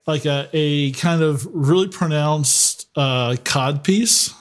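Guy playing a tabletop game, kinda high voice, lots of uhs and restarts. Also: takes it slowly. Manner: stammering, hesitant, many fillers. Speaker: player. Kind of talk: casual tabletop game play.

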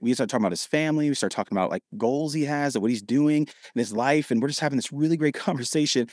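Podcast guest, man in his thirties from Ohio; quick, animated storyteller, dry recording. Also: medium pitch, no echo. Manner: animated, acts out quoted dialogue.

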